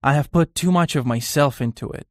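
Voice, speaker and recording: A man's voice: a little high, brisk, a little mellow, dry recording, studio quality, natural voice. A man reading an earnest, uneasy young painter.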